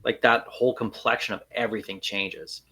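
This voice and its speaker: A man's voice: fairly low pitch, fairly even intonation, fairly quick, sharp tone, husky. A man hosting a sports podcast, chatting casually and thinking aloud with fillers. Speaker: podcast host.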